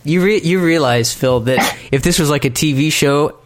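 A man's voice: a little high, moderate pace, slight background noise. A man hosting a church tech podcast, chatting and teasing his co-hosts in casual banter. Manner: joking, teasing. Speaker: podcast host.

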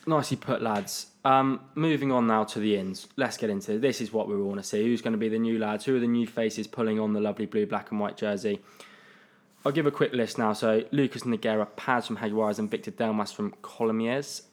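A man's voice: lowish voice, fairly even intonation, fairly quick. A young man hosting a casual sports podcast, steering the chat and reading out lists of names. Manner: leads the discussion, reads out lists. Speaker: podcast host.

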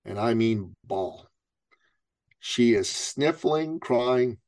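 A middle-aged man from Iran, a business coach, telling a story in an interview and acting out the people in it with big jumps in pitch. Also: lively intonation, very slow, a little mellow, no room sound.

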